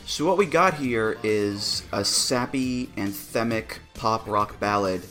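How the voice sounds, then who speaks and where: A man's voice: on the low side, slow pace, over loud music. A man co-hosting a podcast, chatting casually and with amusement, laughing often and restarting his sentences. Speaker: podcast co-host. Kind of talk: casual review chat.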